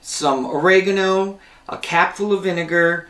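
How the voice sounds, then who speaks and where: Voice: medium pitch, fairly even intonation, a little slow, pushed and bright, far from the mic. A cooking show host giving a casual, rambling demonstration, often correcting themselves mid-sentence. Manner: chatty, rambling, self-correcting. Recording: roomy kitchen, voice off-mic.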